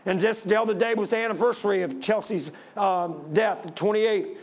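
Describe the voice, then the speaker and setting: A middle-aged male pastor preaching a sermon to his congregation, impassioned and repetitive, building up to shouting. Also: sits high, normal speed. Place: church sanctuary with congregation.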